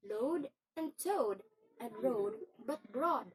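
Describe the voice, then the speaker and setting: A woman reciting a poem slowly, enunciating each word with deliberate care. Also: on the high side, animated, crowd noise, rough recording. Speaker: poetry reciter. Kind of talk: slow recitation of a spelling poem.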